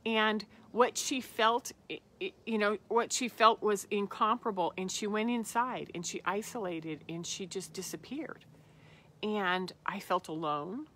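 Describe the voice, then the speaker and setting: A woman's voice: medium pitch, a little slow, a bit bright, a little hiss or hum. A woman hosting a spiritual self-help talk, earnest and reflective, often falling to a whisper on tender phrases. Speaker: podcast host.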